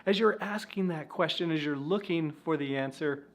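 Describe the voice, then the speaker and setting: A man hosting an inspirational faith-based talk, speaking earnestly and encouragingly straight to the viewer, pausing to reflect now and then. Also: on the high side, over music. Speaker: self-help video host.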